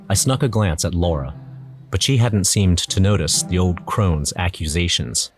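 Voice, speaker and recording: A man's voice: sits low, measured pace. A man narrating an audio drama in first person, nervous and wry. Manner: nervous, wry inner monologue. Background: music.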